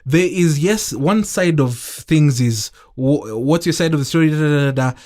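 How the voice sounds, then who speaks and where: Male podcast guest, somewhat high pitch, attentive and measured, affirming murmurs, studio chat. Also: darkish tone. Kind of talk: casual conversation.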